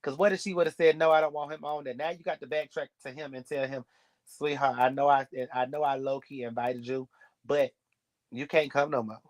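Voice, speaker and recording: A man's voice: mid-range voice, fairly even intonation, fairly quick. Sassy gossiping man recapping reality TV. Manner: sassy, gossipy, blunt, profane. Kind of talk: casual recap commentary.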